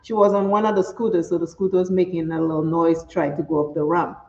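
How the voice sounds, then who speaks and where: A middle-aged woman, chatting and telling stories while doing her makeup, animated and laughing often. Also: on the low side, quick pace. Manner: animated, laughs often, acts out quoted speech. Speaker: makeup vlogger. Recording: roomy, slightly dull home recording.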